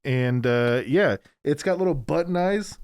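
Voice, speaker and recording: A man's voice: fairly high pitch, lively intonation, a little slow, a little mellow, clear, resonant tone, no echo, studio quality. A man co-hosting a podcast in casual chat, rambling with lots of restarts and fillers and swearing freely. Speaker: podcast co-host.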